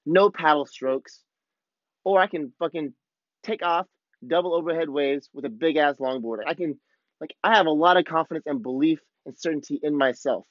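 A male podcast host with a fairly high voice tells a surf story in excited, laid-back surfer talk. The recording is dry and a little dull. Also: moderate pace, dry recording. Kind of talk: casual storytelling monologue.

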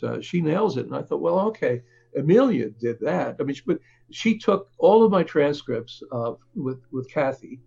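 A man who writes and reports, talking as an interview guest, halting often, with fillers and restarts. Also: medium pitch, vocal fry, mellow, husky, lo-fi sound. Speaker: author and reporter.

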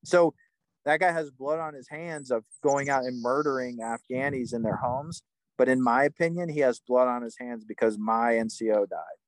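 A man's voice: medium pitch, normal speed, no echo, poor audio. Middle-aged vet guy rambling through a story, lots of likes, dry close sound. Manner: rambling, frequent "like" and restarts. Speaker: retired army first sergeant, guest. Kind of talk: casual storytelling.

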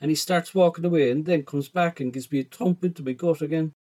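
Rough-talking Irish man telling a story. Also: fairly high pitch, fast talker, warm tone. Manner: rough, slangy teenage voice. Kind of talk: first-person story narration.

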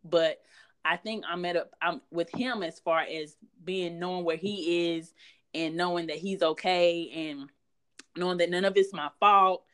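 Woman, guest author; candid, conversational, low-pitched, lots of fillers. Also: steady tone, measured pace, clear, resonant tone. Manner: frank, chatty, many fillers.

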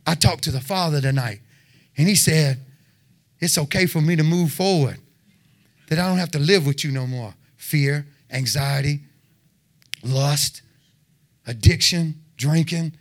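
A man giving a fervent testimony sermon, exhorting listeners and breaking into shouted roars. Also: on the high side, unhurried, pauses often. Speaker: lay preacher.

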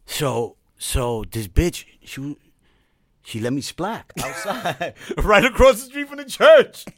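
A man's voice: a little high, huge pitch swings, slow, no echo, clean studio sound. Joking New man in his 40s. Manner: loud, joking, slang-heavy banter. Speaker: podcast co-host. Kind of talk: casual chat.

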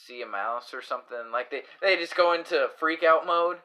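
A man's voice: fairly high pitch, normal speed, pushed and bright. A man hosting a casual podcast chat, rambling with lots of fillers and restarts and acting out little voices. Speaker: podcast host.

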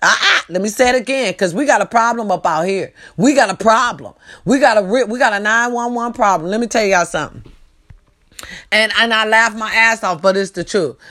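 A woman's voice: mid-range voice, a bit bright. A woman delivering a profane, scolding comedic rant straight to her audience.

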